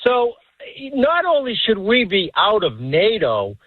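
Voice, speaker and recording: A man, calling in to a radio show. His voice is high for a man and he stumbles, repeating words as he pushes his opinions. It comes through a thin, tinny phone line. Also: huge pitch swings, takes it slowly, dry recording. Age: 60s. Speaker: caller. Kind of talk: call-in radio.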